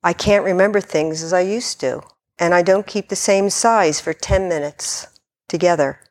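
A woman's voice: fairly low pitch, normal speed, darkish tone, close to an everyday voice. A woman voicing a polite, flustered young girl who pleads her case, reading a story aloud in a dharma talk. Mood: pleading.

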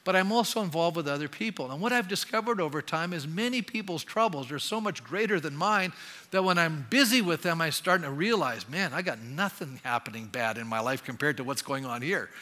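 Bright-voiced older pastor in a reverberant hall. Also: male voice, fairly high pitch, expressive, a little fast. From Canada. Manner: conversational, asks the congregation questions. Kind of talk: sermon. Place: church sanctuary.

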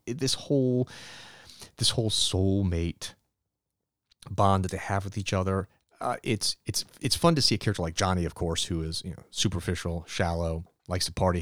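Hosting a podcast on his own, a deep-voiced man reviews comics, casually retelling a story in a rambling recap. He briefly voices the characters in quick asides. The recording is dry, with clean studio sound.

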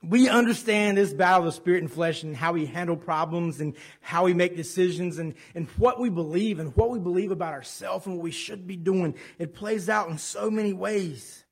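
Animated conversational male preacher. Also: high voice, normal speed, few pauses, husky. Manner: conversational and animated, with personal stories. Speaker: pastor. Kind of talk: sermon.

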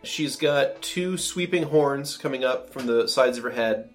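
A man's voice: medium pitch, a little slow, faint music behind. A man running a tabletop game as game master, describing scenes in a loose, rambling way with lots of fillers.

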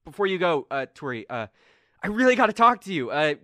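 A man's voice: on the high side, big pitch swings, fairly quick, sharp tone, no echo, studio quality, voice pushed up. A man voicing an earnest, shaken young man who stammers and pleads. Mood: pleading. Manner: anxious, stammering.

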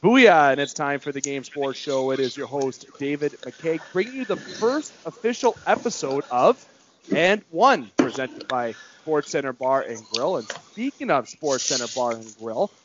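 A man hosting a sports talk show, delivering it in a hyped, promotional way with big pitch jumps. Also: lively intonation, normal speed, highs cut off, background noise. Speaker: podcast host.

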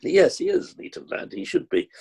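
An older man, chatting as an actor guest and telling rambling anecdotes. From London. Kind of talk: casual interview chat.

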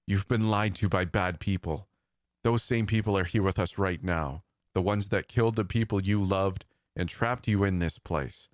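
A man voicing a frightened but resolute male guard who gently coaxes and then presses a scared boy. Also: deep voice, normal speed, no room sound, clean studio sound, natural voice. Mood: coaxing. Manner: earnest, coaxing, grows firm. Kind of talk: storytelling narration with acted dialogue.

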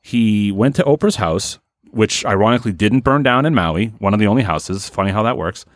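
A man telling a crude comedy story on a podcast in a rambling, deadpan way. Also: lowish voice, brisk, no room sound, studio quality. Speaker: podcast host.

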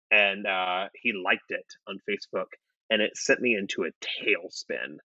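A man telling a story in casual podcast chat, animated and profane. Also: deep voice, measured pace, dry recording, dull audio. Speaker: podcast guest.

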